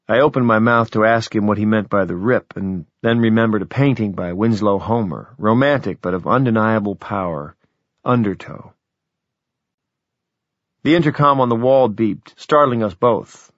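A man's voice: lowish voice, normal speed, no room sound. Man narrating a novel, dry sound. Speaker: audiobook narrator. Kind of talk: scripted narration. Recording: dull, dry audiobook recording.

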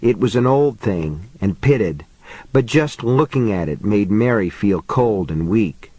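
A man's voice: lowish voice, expressive, measured pace, dark tone, husky, no room sound, poor audio. Man narrating a novel, dry close sound. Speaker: audiobook narrator. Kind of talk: scripted narration.

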